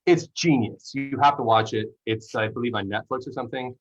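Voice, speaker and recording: A man's voice: mid-range voice, fairly even intonation, a little fast. A man hosting a podcast, asking questions in a laid-back, enthusiastic casual chat. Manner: laid-back, enthusiastic, says dude and sick. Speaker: podcast host. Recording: dull lo-fi audio.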